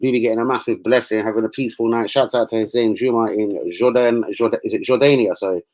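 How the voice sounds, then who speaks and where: A man's voice: fairly low pitch, steady tone, quick pace, a little mellow. A man hosting a casual football livestream, slangy, chatty and given to swearing.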